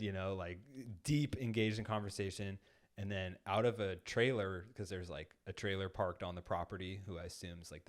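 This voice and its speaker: A man co-hosting a podcast, telling a long casual story in a studio, full of "like" and acted-out quotes. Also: deep voice. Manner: rambling, heavy use of "like", acts out quoted lines. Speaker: podcast co-host. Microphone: studio microphone.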